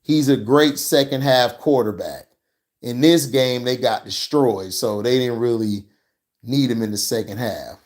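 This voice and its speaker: Heated, slow-talking sports ranter. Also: male voice, mid-range voice, a little mellow. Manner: heated, profane, mocking. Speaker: sports commentary vlogger. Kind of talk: ranting football reaction commentary.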